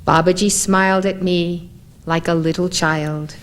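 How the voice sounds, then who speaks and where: Calm woman reading a spiritual tale. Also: on the low side, a little slow. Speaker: narrator. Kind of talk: scripted spiritual story reading.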